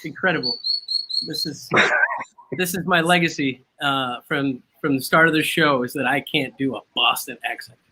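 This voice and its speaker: A man's voice: medium pitch, moderate pace, bright, forceful tone, breathy edge, low-quality recording. A man hosting a casual chat over drinks, laughing often and making fun of himself. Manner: laughs often, self-mocking.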